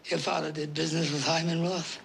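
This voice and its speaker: A gravelly, drunken old mob boss. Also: male voice, a little high, little pitch movement, a little fast, a bit bright, a little hiss or hum. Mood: ranting. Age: older. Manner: blustering, ranting. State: a little drunk. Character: older drunk mob boss, belligerent and aggrieved. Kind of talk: film drama acting.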